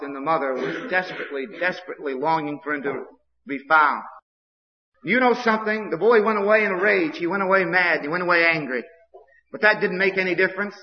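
A fairly high-voiced man preaches a sermon, repeating phrases and building to fervent outbursts. The old recording sounds dull and muffled, with a long reverb trailing through a church hall. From Maine, USA. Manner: repetitive, impassioned preaching with rising outbursts.

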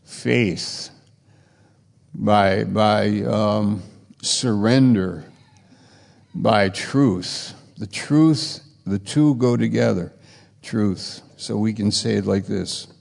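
A man preaching in a slow, deliberate way, his voice gravelly at the edges. He pauses often, then surges upward into emphatic bursts. The sound rings out with a long hall reverb. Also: darkish tone. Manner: slow and halting, rising to emphatic high bursts. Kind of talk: sermon.

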